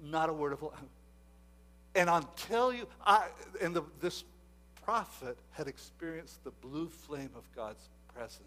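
A man preaching a sermon, moving from quiet asides to loud emphatic exhortation and repeating himself often. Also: fairly high pitch, a little slow. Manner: repeats words and restarts often.

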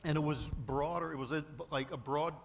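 A man's voice: on the high side, normal speed, vocal fry. Rambling preacher man at the pulpit. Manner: rambling storyteller, many fillers and restarts. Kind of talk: sermon with anecdote. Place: church sanctuary at a pulpit.

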